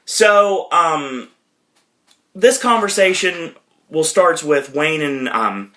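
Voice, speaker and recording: A man's voice: fairly high pitch, expressive, slow, bright, forceful tone. A man hosting a podcast, casually retelling a film scene by scene, rambling with many fillers and correcting himself as he goes. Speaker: podcast host.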